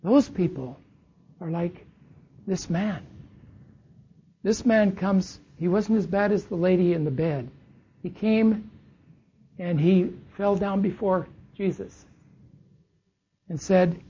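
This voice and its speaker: A preacher delivers a sermon at an unhurried pace, stretching out key words for weight. The voice is mellow and dark with a heavy breathy rasp. It comes through a dull, lo-fi recording. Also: medium pitch. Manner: slow, deliberate Bible teaching, lingering on key words.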